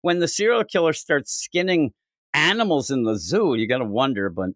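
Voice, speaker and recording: A man co-hosting a comic book podcast, talking loosely and acting out characters' lines in silly voices. His pitch swings widely as he goes. The sound is dry and close. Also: moderate pace, dry recording. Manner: animated, swings into goofy quoted voices. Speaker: podcast co-host. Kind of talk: casual comic book review chat.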